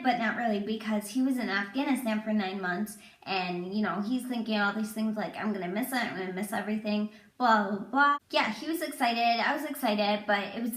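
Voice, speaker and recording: A young woman telling a personal story to camera in a casual, rambling way, full of "like.". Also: fairly high pitch. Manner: chatty, rambling, lots of "like". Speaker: vlogger. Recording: echoey room.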